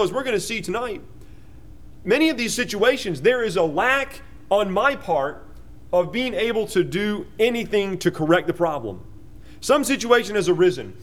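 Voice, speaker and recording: A man with a notably high voice delivering a sermon to a congregation. He explains word meanings in an earnest, teaching manner, often pausing on fillers. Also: fairly bright tone. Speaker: preacher.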